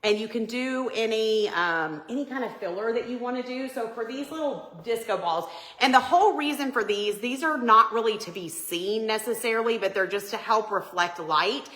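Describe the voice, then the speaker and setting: A woman's voice: fairly high pitch, moderate pace, hardly any pauses, a bit bright, reverberant, poor audio. A woman hosting a live Christmas decorating tutorial, chatty and upbeat, greeting viewers by name. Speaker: home decor livestream host. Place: home living room by a Christmas tree.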